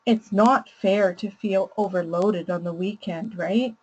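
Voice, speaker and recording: A woman voicing a calm, understanding parent who gently names a child's feelings. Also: medium pitch, unhurried, slightly rough, dull audio. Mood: gentle. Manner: gentle, validating.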